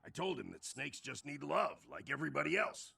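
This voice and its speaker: An eccentric old male snake charmer in a fantasy video game, with a deeply gravelly, rough, husky voice. His manner is dreamy and odd, and he sounds slightly distant from the mic. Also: sing-song, brisk, pushed and bright, exaggerated voice.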